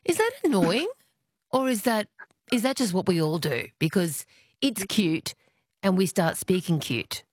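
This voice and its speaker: An Australian woman hosting an evening radio interview, asking questions in a lively, expressive way. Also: mid-range voice, measured pace, no room sound, studio quality. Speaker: radio host. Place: radio studio.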